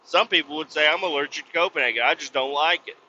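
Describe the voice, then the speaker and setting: A man hosting a podcast, ranting bluntly with lots of swearing and sudden loud outbursts. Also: a little high, fast talker, slight background noise. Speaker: podcast host. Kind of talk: profane comic rant. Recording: slightly dull lo-fi recording.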